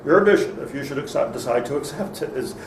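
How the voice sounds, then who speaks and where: A man's voice: mid-range voice, lively intonation, fast. A man, a rabbi, teaching an interactive class, thinking aloud and questioning his students with many restarts. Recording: echoey room, far from mic, faint noise.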